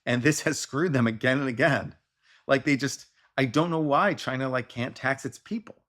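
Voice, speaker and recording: A man hosting a podcast, chatting casually with jokes and quick asides, from Texas with a slight Texan accent. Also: mid-range voice, fairly bright tone. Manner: joking, riffing, quick asides. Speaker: podcast host. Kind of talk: casual chat.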